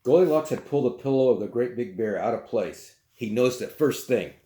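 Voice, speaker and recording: A man's voice: mid-range voice, expressive, fairly quick, warm tone. A man reading a children's storybook aloud, with chatty asides. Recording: roomy echo.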